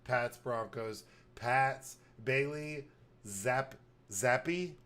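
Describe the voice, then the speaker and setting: A man's voice: mid-range voice, very slow, a bit bright, clean tone. A man hosting a podcast, giving blunt, profane, rambling football takes in casual sports talk. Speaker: podcast host.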